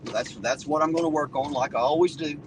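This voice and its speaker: A man's voice: on the high side, a little fast, slight background noise. A man hosting a casual livestream, talking bluntly and profanely, restarting his sentences as he answers viewers. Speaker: livestream host reading viewer comments.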